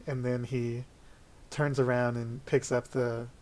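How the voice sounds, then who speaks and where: A man narrating a tabletop role-play game as game master, calm and steady. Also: mid-range voice. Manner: unhurried, calm narration with "he says" lead-ins.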